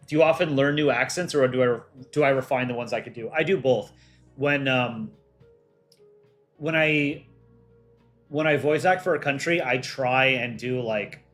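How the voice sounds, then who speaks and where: A man's voice: mid-range voice, normal speed, long pauses, a bit bright, soft background music. A man who voices cartoon characters, hosting a casual livestream and reading viewer chat aloud as he runs polls. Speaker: livestream host and voice actor.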